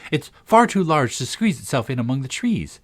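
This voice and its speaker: A man's voice: medium pitch, sing-song, normal speed, pitched above the performer's own voice. Alice, a curious polite young girl, as a man puts her on. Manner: earnest, politely inquisitive. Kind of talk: storybook reading.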